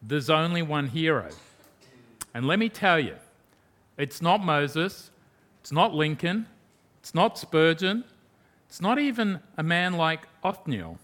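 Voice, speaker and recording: A male preacher delivers a sermon with a bright, forceful edge to his voice. His pitch sits somewhat high for a man. He talks emphatically, throwing out rhetorical questions and dropping from loud to hushed. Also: expressive, takes it slowly, pauses often.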